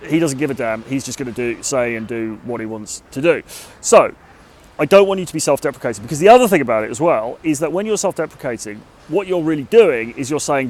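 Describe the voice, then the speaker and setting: This British man talks fast in a mid-range, darkish voice with lively intonation. A dating coach, he gives informal advice to the camera outside in a city, chatting freely and hedging often with "sort of" and "kind of."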